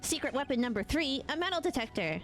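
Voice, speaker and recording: A woman's voice: sits high, sing-song, quick pace, faint music behind, pitched above the performer's own voice. A woman playing a cheerful bumbling detective. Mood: upbeat. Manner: folksy, calls people pal. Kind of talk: reading game dialogue aloud.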